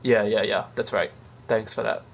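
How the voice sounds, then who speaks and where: A man's voice: lowish voice, steady tone, normal speed, creaky, slight background noise. A man streaming a video game, rambling casually and chatting to viewers with self-deprecating asides. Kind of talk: casual gameplay commentary.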